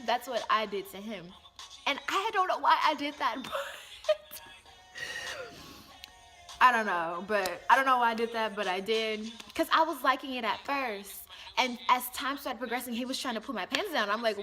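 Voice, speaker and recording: A young woman casually telling a personal story to camera, chatty and animated, acting out what people said. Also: fairly high pitch.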